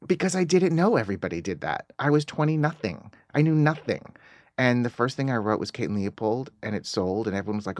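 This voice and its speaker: A middle-aged American man, a screenwriter being interviewed, telling self-deprecating stories in a casual, animated way. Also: medium pitch, fast, dry recording, clean studio sound. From United States. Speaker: screenwriter guest.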